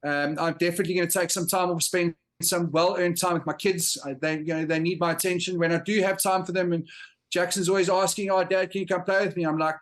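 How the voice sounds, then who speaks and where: A man speaking as a guest in a casual chat, halting with many fillers and restarts. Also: high-pitched, flat delivery. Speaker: guest, entrepreneur. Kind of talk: casual chat among friends.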